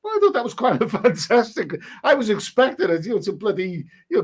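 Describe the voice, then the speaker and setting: Rambling man with a slightly high voice. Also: very animated, slightly rough. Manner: rambling, halting, with many restarts and repeated words. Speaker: livestream host reading viewer comments. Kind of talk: casual rambling chat.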